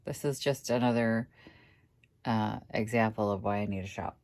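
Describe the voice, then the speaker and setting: A middle-aged woman with a low, deep-set voice talks straight to the camera in an easygoing vlog. She chats through each step of a furniture project at home and mutters to herself when things go badly. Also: steady tone, moderate pace, a little mellow. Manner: chatty, talks to camera while working, mutters when frustrated. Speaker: furniture flipper vlogger. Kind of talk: casual workshop vlog. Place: home workroom indoors.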